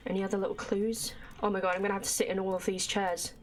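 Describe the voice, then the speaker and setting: A woman's voice: medium pitch, flat delivery, quick pace, slight background noise. A woman livestreaming a game, chatting casually to her viewers and reading the in-game notes and letters aloud. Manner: chatty, talks to her chat and reacts as she plays.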